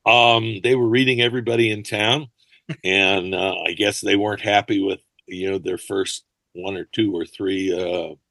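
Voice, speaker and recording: An older man, an actor and fight choreographer, telling rambling, animated anecdotes as a guest over a video call. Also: lowish voice, moderate pace, no echo. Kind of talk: casual interview storytelling.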